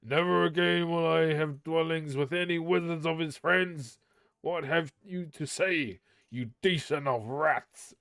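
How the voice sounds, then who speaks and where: Man reading as a proud dwarf king, loud and wrathful, slow drawn-out lines, dry close sound. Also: a little high, vocal fry, clear, resonant tone, no room sound. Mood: grim.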